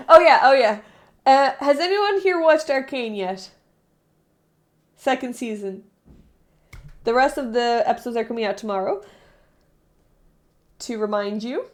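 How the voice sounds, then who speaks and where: A woman's voice: a little high, expressive, a little slow, pauses often. A woman streamer chatting casually with her viewers, rambling and often stopping herself mid-thought. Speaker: live streamer. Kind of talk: casual live-stream chat.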